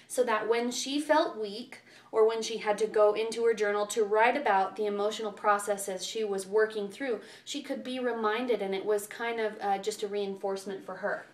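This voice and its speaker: Earnest woman coach, slightly high voice, heard from a distance in an echoey room; encouraging vlog advice. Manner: earnest and encouraging, many fillers. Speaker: self-love coach. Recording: echoey room, far from the mic.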